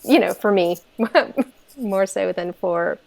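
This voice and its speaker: Kentucky-accented woman guest, relaxed chatter, lots of "um", gravelly edges. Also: medium pitch, takes it slowly. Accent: Kentucky Southern US. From Kentucky, USA. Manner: easygoing, self-deprecating, many fillers. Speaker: podcast guest, consultant. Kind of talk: casual interview chat.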